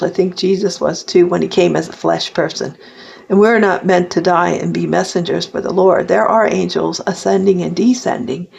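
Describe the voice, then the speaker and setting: Older woman with a gravelly voice. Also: fairly low pitch, darkish tone. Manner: rambling, heartfelt, with frequent restarts. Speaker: vlogger. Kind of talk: personal confessional monologue. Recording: dull lo-fi recording.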